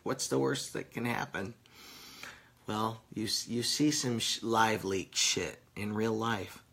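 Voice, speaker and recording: A man's voice: fairly low pitch, takes it slowly, fairly bright tone. A stoned man reading viewer comments on a casual live stream, crude, joking and rambling. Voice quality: gravelly.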